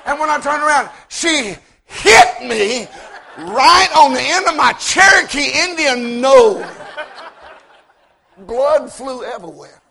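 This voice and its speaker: Male preacher, very high and gravelly voice, slow, folksy humor, builds to shouts. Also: expressive. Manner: folksy joking storytelling, rising to shouts; repeats words when starting sentences. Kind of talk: sermon.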